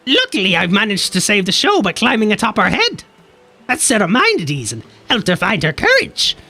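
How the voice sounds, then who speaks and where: A man's voice: sits high, wildly swooping pitch, brisk, pushed and bright, exaggerated voice. A man voicing an older chain-smoking mum while reading game quest dialogue aloud. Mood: weary.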